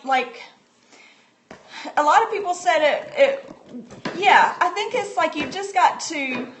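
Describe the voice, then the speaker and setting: A homeschooling mother demonstrating a reading book on a casual live stream, chatting and answering viewers' comments with plenty of fillers. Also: high voice. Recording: echoey room with faint background noise.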